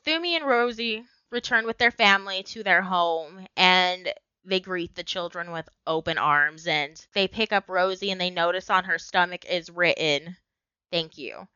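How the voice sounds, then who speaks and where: A woman's voice: fairly low pitch, normal speed, bright, forceful tone, smooth, no echo, highs cut off. A woman in her thirties co-hosting a casual film review podcast, retelling scenes emphatically and laughing often. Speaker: podcast co-host.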